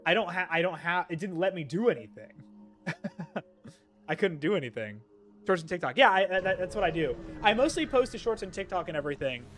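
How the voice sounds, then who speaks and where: A young man livestreaming a game, chatting excitedly and swinging between loud outbursts and low muttering. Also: a little fast, faint music behind. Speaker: streamer. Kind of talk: live gameplay commentary.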